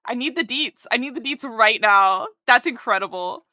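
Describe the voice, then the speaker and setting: A woman's voice: on the high side, lively intonation, moderate pace, sharp tone, no room sound, studio quality. A woman streamer chatting casually while drawing, gushing and rambling as she interrupts herself.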